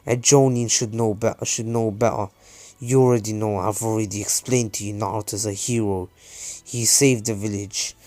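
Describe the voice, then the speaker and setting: A man's voice: lowish voice, fairly even intonation, normal speed, darkish tone, no room sound, close to an everyday voice. A man voicing a stern elderly village leader who scolds harshly. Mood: furious. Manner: angry, scolding.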